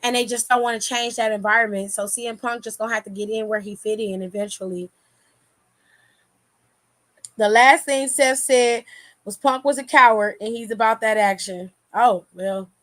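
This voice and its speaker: A young woman giving casual, animated commentary on wrestling news, swearing freely and laughing often. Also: medium pitch, measured pace, long pauses.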